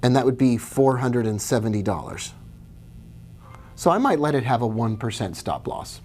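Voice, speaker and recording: A man's voice: medium pitch, animated, moderate pace, darkish tone, a little hiss or hum. Chatty man hosting a live trading stream. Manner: casual, chatty, greets viewers by name. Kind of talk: live-stream commentary on charts.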